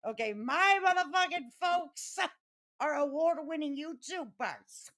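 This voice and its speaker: A middle-aged woman with a Chicago accent hosts a casual live stream, talking in a brash, profane way and getting riled up and loud. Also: high voice, lively intonation, measured pace.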